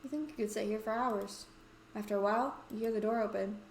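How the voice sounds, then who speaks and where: A woman's voice: mid-range voice, quick pace, echoey room, slight background noise. A woman playing and reading a story game aloud, with playful, chatty asides. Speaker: let's play host.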